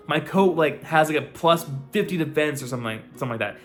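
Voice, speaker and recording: Lockerer, fluchender junger Mann, der Anime bespricht, etwas hohe Stimme, leise Musik im Hintergrund. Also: male voice, a little high, fairly quick, few pauses, soft background music. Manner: loose, profane, chatty with many fillers. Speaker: anime reviewer. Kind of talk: casual recap and review.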